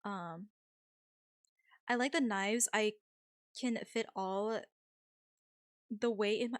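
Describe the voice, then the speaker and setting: Slow, easygoing streamer woman, dry close mic. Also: mid-range voice, fairly even intonation, no echo. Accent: American with a faint Vietnamese tinge. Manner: easygoing, chatty, laughs often, many ums. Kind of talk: casual chat reading viewer messages.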